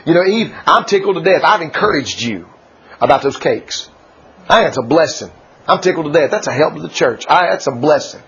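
Husky, animated preacher man. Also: fairly high pitch, a little fast. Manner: animated, laughing, swings from loud to hushed. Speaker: pastor. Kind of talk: folksy sermon. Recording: dull lo-fi church recording.

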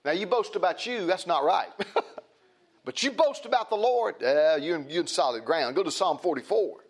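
A man's voice: high-pitched, lively intonation, normal speed, husky. A man preaching a sermon, emphatic and repetitive, often restarting his phrases.

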